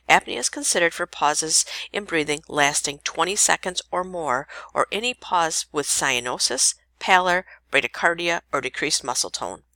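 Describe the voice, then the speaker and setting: A woman nursing instructor reading a lecture podcast in a steady way, now and then correcting herself mid-sentence. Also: low voice, dry recording.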